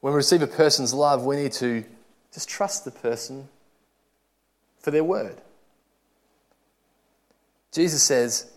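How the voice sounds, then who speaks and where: A man preaching a sermon, earnest, swinging from loud urging to soft, quiet asides. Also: medium pitch, slow pace, pauses often.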